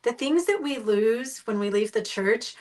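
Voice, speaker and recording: A woman's voice: a little high, expressive, measured pace, a little mellow, recorded from a distance. A woman host in casual podcast talk, blunt and sarcastic, who swears freely.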